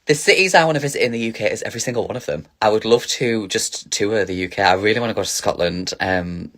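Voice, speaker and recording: A man's voice: fairly low pitch, fast talker, fairly bright tone. A man casually chatting on a phone livestream as a drag performer, reading viewer questions aloud and answering with camp, giggly energy.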